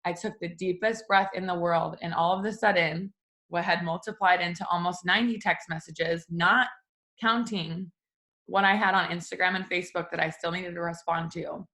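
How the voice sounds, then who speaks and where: A chatty woman with a somewhat low voice, talking straight to her viewers in a casual vlog. She tells a personal story at a relaxed, conversational clip. She jumps up in pitch when she acts out what people said. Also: normal speed. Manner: chatty, addresses viewers directly; acts out quoted exchanges in a higher voice. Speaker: small business owner vlogger.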